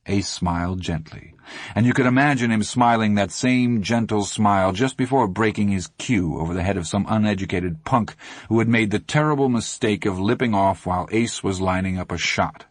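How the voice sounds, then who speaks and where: A man narrating an audiobook in a steady, measured way. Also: low-pitched, husky, no echo, studio quality.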